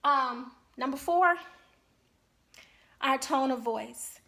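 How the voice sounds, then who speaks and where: High-voiced woman giving earnest marriage advice. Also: very slow, gravelly, sharp tone. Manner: earnest, emphatic, checks in with repeated "okay?". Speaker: marriage counselor. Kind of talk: instructional talk to couples.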